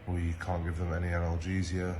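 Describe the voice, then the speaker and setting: Exhausted man speaking haltingly, very low. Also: monotone, noisy background. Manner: halting, with many pauses and ums. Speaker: medic. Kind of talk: recorded video account.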